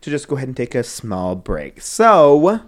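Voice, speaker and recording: Animated podcast co-host, man. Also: mid-range voice, normal speed. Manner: animated, laughs often, playful repetition. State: under the weather. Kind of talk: casual chat.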